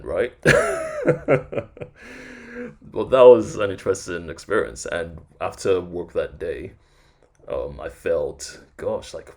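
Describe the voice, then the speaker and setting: Deep gravelly man telling a story. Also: darkish tone. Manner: laid-back, chuckles while recounting. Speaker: podcast host. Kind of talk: casual storytelling.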